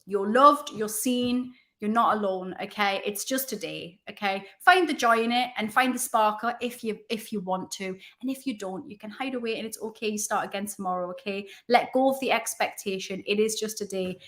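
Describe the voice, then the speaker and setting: A woman's voice: medium pitch, normal speed, hardly any pauses, fairly bright tone. Woman host, casual live chat, rambling and self-mocking, chatty and kind. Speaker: livestream host.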